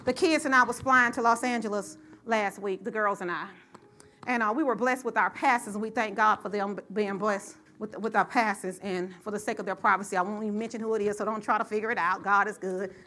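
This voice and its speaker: A middle-aged woman preaching a sermon and telling a personal story, in a lively call-and-response style that rises to shouts. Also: medium pitch, fairly quick, slight background noise.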